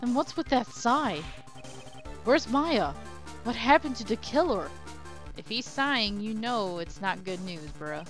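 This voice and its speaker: A woman commenting on a video game as she plays, playful and joking. Her voice is slightly high and very lively in pitch, while her pace is slow. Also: soft background music. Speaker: let's player.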